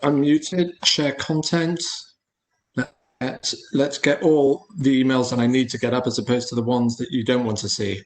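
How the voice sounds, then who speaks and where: A man's voice: mid-range voice, fairly even intonation, moderate pace. Chatty man presenting, stammering repeats. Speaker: hotel group founder presenting. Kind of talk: casual presentation. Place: at home or office in London. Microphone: video call.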